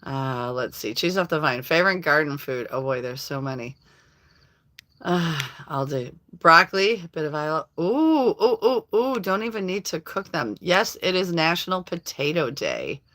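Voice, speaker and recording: A woman's voice: low voice, expressive, moderate pace, bright, forceful tone. A middle-aged woman hosting a casual live stream, chatting with viewers by name and laughing often. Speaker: livestream host reading viewer comments.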